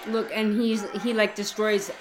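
A woman's voice: mid-range voice, level tone, a little slow, music in the background. A woman casually commenting on a movie as it plays, joking and swearing freely. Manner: joking, swears freely, mock-quotes the characters. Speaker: guest commentator.

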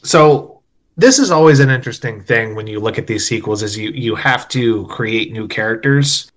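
A man's voice: mid-range voice, lively intonation, moderate pace, a bit bright. A man talks through a film's plot in a casual podcast conversation. His delivery is chatty and opinionated, with blunt asides dropped between plot points. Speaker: podcast co-host. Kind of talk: casual film discussion.

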